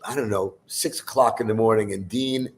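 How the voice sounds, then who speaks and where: A man's voice: fairly low pitch, steady tone, moderate pace. A man in his fifties, a musician guest on a chat show, telling a long story in a loose, profane way, full of fillers.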